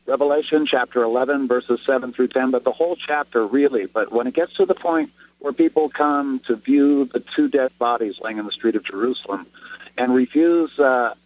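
A man calling in to a radio show and asking his question hesitantly, with frequent pauses and fillers. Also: medium pitch. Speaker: caller. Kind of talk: phone-in question. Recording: tinny phone line.

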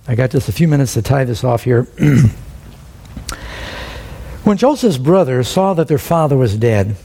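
Male preacher, slightly higher mellow voice, chatty verse-by-verse sermon. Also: breathy edge. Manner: conversational Bible teaching with lively quoted voices.

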